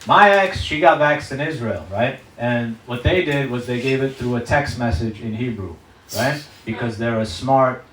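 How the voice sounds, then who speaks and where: On a comedy stage in front of a live crowd, a man with a mid-range, somewhat bright voice tells swear-filled stories at a normal pace, performing each character's voice. The distant mic gives a roomy stage sound with slight background noise, and the audience claps and laughs.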